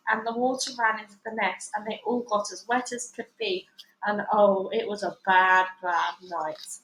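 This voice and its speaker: A woman's voice: reverberant, rough recording. A woman reading a children's storybook aloud, raising her voice for the characters' lines. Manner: lively, voices quoted lines with higher, louder pitch. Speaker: storybook reader. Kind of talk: read-aloud storybook narration.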